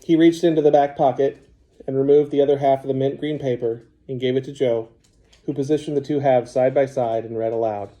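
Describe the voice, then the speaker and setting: Mellow male audiobook narrator. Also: mid-range voice, steady tone. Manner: measured, storytelling.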